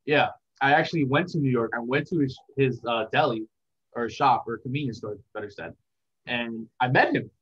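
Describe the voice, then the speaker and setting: A young man giving a casual interview as a content creator, talking in a relaxed, rambling, reflective way. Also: medium pitch, normal speed, breathy edge. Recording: dull lo-fi sound.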